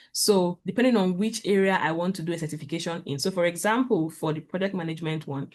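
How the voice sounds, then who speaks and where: A woman talks earnestly on a video call. She gives practical, step-by-step advice, pausing often with fillers as she gathers her thoughts. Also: on the low side. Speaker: guest speaker. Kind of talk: casual talk on a video call.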